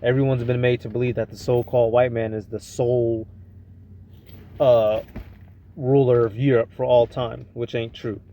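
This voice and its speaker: A man's voice: mid-range voice, little pitch movement, moderate pace, warm tone. Casual preachy man reacting to clips. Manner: casual, street slang, preachy asides.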